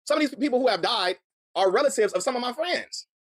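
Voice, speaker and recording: Fast-talking man, heated commentary. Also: very high-pitched, expressive, a bit bright, no room sound. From Chicago. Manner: heated, earnest, repeats words as he builds a point. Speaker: commentary channel host. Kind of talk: reaction commentary.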